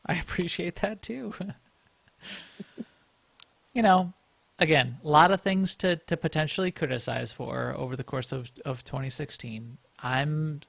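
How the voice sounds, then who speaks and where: A man's voice: a little high, vocal fry, fairly bright tone, dry recording. A man co-hosting a podcast in casual chat. He rambles, restarts often and chuckles between thoughts. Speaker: podcast co-host.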